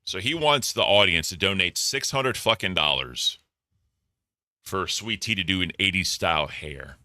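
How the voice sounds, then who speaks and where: A man's voice: low-pitched, expressive, normal speed, pushed and bright, dry recording, clean studio sound. A man doing casual reaction commentary, blunt and profane, reading donor messages aloud. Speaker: commentary streamer.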